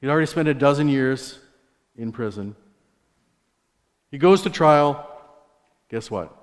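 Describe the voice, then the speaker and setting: A man's voice: mid-range voice, animated, a little slow. Male preacher, conversational storyteller, church hall reverb, mid-range voice. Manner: storytelling, conversational with asides to the congregation. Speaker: guest preacher. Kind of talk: sermon testimony. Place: church sanctuary.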